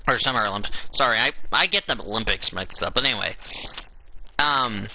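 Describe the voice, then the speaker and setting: A man's voice: lowish voice, a little fast, pushed and bright, slight background noise, low-quality recording. A man hosting a casual show, reading through a schedule and breaking in with exasperated asides. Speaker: show host. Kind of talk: casual podcast commentary.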